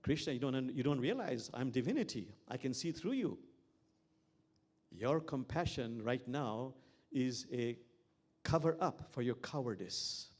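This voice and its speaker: A man's voice: mid-range voice, animated, darkish tone. A man playing a stern, commanding god. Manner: slow, firm, deliberate. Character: stern all-seeing male god, calm and commanding.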